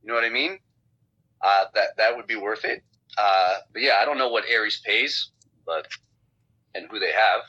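In a casual phone interview, a professional fighter with a lowish voice talks at a moderate pace and pauses often. His storytelling is blunt, profane and animated, and the call audio sounds dull and lo-fi.

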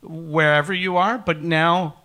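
A man's voice: a little high, unhurried. A man from co-hosting a podcast, joking and swearing in casual chat. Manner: joking, profane, lively. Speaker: podcast co-host.

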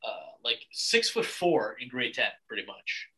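A man's voice: mid-range voice, huge pitch swings, measured pace, pushed and bright, slightly rough, poor audio. A young man from Canada hosting a casual podcast chat, blunt and rambling, swearing freely with lots of restarts. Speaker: podcast host.

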